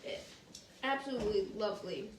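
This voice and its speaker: A woman judging a home baking show, gentle but candid. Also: medium pitch, a little fast. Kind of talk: casual judging chat. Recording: echoey room, distant, noisy.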